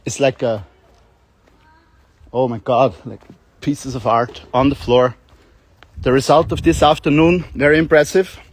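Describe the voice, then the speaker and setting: A man's voice: mid-range voice, fairly even intonation, a little slow, pauses often, a little hiss or hum. A man streaming live outdoors on a street, talking in a rambling, joking, self-mocking way.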